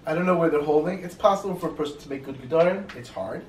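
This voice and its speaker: Man, rabbi's class, quick animated storytelling, slightly high voice, roomy distant sound with faint background hum. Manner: animated, acts out quoted voices in his stories. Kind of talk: casual storytelling lecture. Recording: echoey room, mic at a distance, faint ambience.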